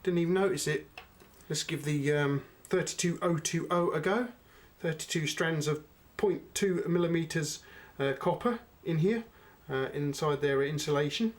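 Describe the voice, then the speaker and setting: A middle-aged man with a slightly raised voice reviews a knife in a relaxed, unhurried way. He keeps turning to his viewers with friendly asides. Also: on the high side. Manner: chatty, unhurried, addresses viewers as guys. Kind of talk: casual product review.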